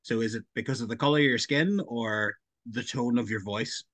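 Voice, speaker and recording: A man's voice: mid-range voice, a little fast, no echo. A man with a Northern Irish accent co-hosting a podcast, teasing his friend and telling stories. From Northern Ireland. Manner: teasing, lively storyteller. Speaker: podcast co-host. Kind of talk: casual chat.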